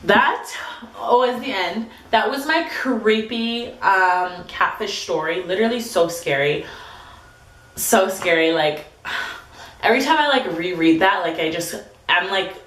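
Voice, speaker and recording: A woman in her twenties telling a storytime vlog, chatty and full of "like", reading texts aloud in quick bursts. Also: medium pitch, animated, a bit bright, reverberant. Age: 20s. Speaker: vlogger.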